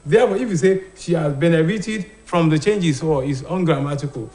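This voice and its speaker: A man's voice: fairly high pitch, brisk, a little mellow. A man teaching an English pronunciation lesson on television, asking rhetorical questions and answering them himself, with frequent hesitations. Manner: hesitant, with many "uh" and "what" fillers. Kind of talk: TV classroom lesson.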